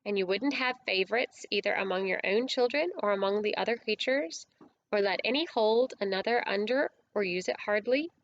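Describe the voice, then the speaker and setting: A woman voicing a solemn, kingly male lion who speaks in a grave, measured, commanding way, read from a storybook. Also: medium pitch, muffled recording, a little hiss or hum, close to an everyday voice.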